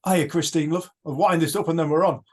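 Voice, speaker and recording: A man hosting a retreat over a video call, telling stories in an earnest, animated way. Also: on the high side, fast. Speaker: retreat host. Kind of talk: casual reflective talk.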